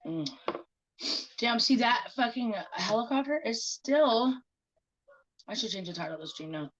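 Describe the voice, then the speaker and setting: A woman's voice: fairly high pitch, lively intonation, unhurried, lo-fi sound. A woman livestreaming in casual chat, talking bluntly with lots of swearing and mocking remarks.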